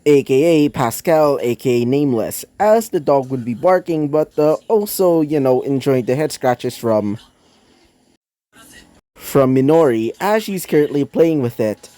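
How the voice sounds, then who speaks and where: A man's voice: mid-range voice, expressive, unhurried, mellow, dry recording. A man reading his own fan fiction aloud in a casual, rambling way, with many fillers and self-corrections. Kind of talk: casual storytelling narration.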